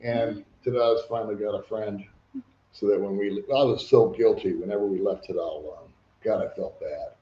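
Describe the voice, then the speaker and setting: An older man hosts a casual livestream, chatting and reading viewer comments aloud in a fairly low, steady voice at normal speed. The sound is dull and lo-fi, in an echoey room.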